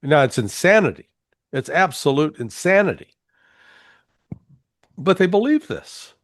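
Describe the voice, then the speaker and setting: A man giving his views in a political interview, emphatic and often restarting, slowing down to stress his points. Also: fairly high pitch, sing-song, fairly bright tone, no echo, studio quality. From United States. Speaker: guest commentator.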